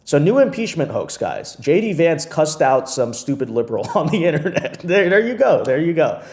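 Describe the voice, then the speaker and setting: Mocking male political commentator, mellow voice. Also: a little high, very animated, moderate pace. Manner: emphatic, repetitive, mocking.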